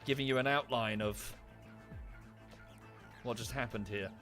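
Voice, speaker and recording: A man's voice: mid-range voice, fairly even intonation, a little slow, a bit bright, faint music behind. A man with an Estuary English accent chatting casually while playing a game, thanking viewers by name and thinking aloud. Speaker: streamer. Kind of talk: casual gameplay commentary.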